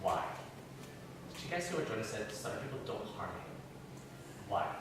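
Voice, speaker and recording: A man teaches a church class, firing questions at the group in an animated, up-and-down voice. He sits well back from the mic, and the room rings with heavy echo over a faint hiss. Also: on the low side, normal speed. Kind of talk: interactive Bible teaching. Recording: very echoey room, far from mic.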